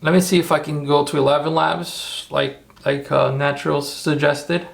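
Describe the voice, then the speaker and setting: A man live-streaming while he works on his computer, rambling and thinking out loud, talking to his chat. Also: fairly high pitch, flat delivery, moderate pace, vocal fry. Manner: thinking aloud, rambling, self-correcting. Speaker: streamer making AI videos. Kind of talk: live-stream screen-work commentary.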